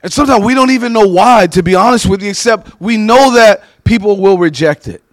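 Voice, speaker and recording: Speaking fairly quickly in a high voice, a man delivers a sermon full of stories. He's animated and acts out each character's voice, with no echo in the sound.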